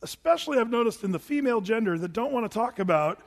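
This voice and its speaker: A middle-aged male pastor giving a chatty, animated sermon full of stories and restarts. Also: very high-pitched, fast. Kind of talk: sermon with storytelling.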